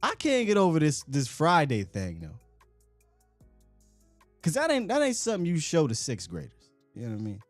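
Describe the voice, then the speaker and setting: A man's voice: on the high side, wildly swooping pitch, normal speed, pauses often, no echo, faint music behind. A man hosting a call-in sports talk show, chatting casually in slangy, joking talk.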